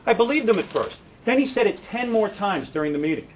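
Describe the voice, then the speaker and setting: A man's voice: high voice, animated, fast talker, slight background noise, rough recording. A middle-aged man, a radio broadcaster, giving an indignant, sarcastic statement and taking questions at a press conference.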